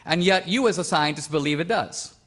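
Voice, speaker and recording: A man's voice: fairly high pitch, brisk, a bit bright. A man from India arguing a point in a formal stage debate, insistent and full of pointed questions. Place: debate stage before a live audience.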